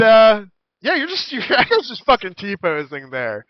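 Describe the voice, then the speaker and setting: A man's voice: high voice, measured pace, dry recording, highs cut off. A man narrating as dungeon master over voice chat, laughing and swearing as he goes. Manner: giggly, animated, swearing. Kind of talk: narrating a tabletop game.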